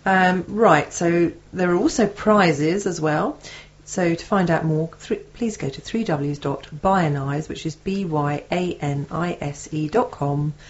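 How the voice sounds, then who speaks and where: A woman's voice: fairly low pitch, a little slow. A woman co-hosting a radio show, giggly and scattered as she stumbles through an email. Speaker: radio co-host. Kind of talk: chatty radio banter, reading listener emails. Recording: dull lo-fi radio recording.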